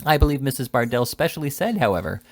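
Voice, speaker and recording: A man reading aloud and voicing a smug, oily middle-aged lawyer who agrees smoothly with his partner. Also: mid-range voice, very animated, fast talker.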